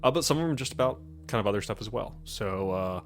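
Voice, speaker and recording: A man's voice: lowish voice, lively intonation, quick pace. A man hosting a casual group chat show, talking loosely and laughing often. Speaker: podcast host.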